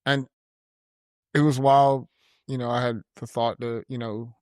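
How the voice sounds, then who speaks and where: Earnest, halting man podcast co-host. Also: medium pitch, little pitch movement, darkish tone, no echo, clean studio sound. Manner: earnest, halting, full of restarts and fillers, laughs easily. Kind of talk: casual chat.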